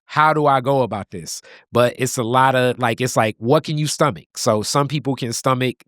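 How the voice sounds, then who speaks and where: Male host, easygoing chat, mid-pitched voice, dry close sound. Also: moderate pace, fairly bright tone, no echo. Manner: laid-back, conversational, with frequent asides. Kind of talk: casual conversation.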